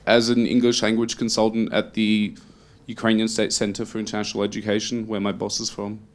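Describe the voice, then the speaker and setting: A man's voice: on the low side, monotone, a little fast. A man from Australia with an Australian accent, introducing himself to a panel audience in a dry, offhand way. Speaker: panel speaker. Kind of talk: self-introduction.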